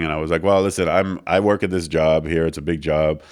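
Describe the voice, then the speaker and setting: A man's voice: extremely low pitch, brisk, clean tone. A middle-aged man, telling stories as a guest in a studio interview, acting out the dialogue. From France. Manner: animated storyteller, acts out quoted dialogue, many fillers. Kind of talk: casual storytelling interview. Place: recording studio.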